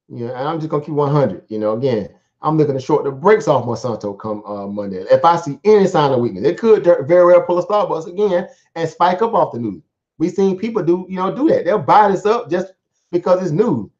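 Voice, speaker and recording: A man's voice: fairly high pitch, darkish tone. Rambling slangy man, dull stream audio. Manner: rambling, repeats himself, many fillers, slangy. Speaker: stock market live stream host. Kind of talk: casual live market commentary.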